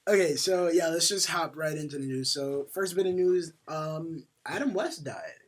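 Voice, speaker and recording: In a casual podcast chat, this young male co-host rambles with plenty of fillers and curse words. His pitch is fairly high and his pace moderate; he has headphones on and records with a home podcast mic.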